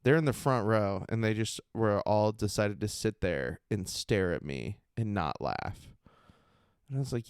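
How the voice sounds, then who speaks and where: A young man hosting a podcast, telling a story in a casual, animated way, laughing and acting out what people said in a mocking voice. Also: on the low side, normal speed, dry recording, studio quality. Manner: animated, laughing, acts out quotes in a mocking raised voice. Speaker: podcast host and stand-up comedian.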